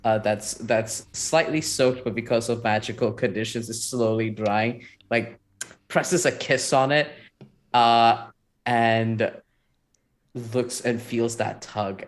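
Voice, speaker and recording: Man, tabletop role-play player, unhurried and musing, lowish voice, soft music underneath.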